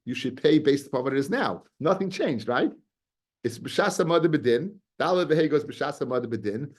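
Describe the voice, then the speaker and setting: A man teaching a casual Talmud class, animated and often repeating words as he explains. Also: medium pitch, moderate pace.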